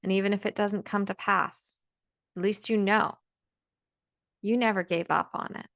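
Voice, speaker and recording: A woman's voice: medium pitch, fairly even intonation, normal speed, fairly bright tone, no echo, clean studio sound. A woman speaking straight to camera in an earnest, emphatic motivational talk, often repeating words as she presses a point. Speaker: vlogger giving encouragement.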